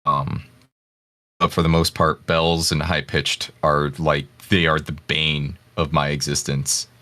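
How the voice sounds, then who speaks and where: Man, very deep voice, forceful tone, halting, restarts, casual podcast answer. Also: little pitch movement. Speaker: ASMR voice actor.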